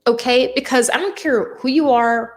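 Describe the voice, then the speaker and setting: A woman in casual chat, telling a story in a lively way and acting out the people in it. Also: fairly high pitch, moderate pace. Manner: animated, acts out quoted people. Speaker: tarot channel host.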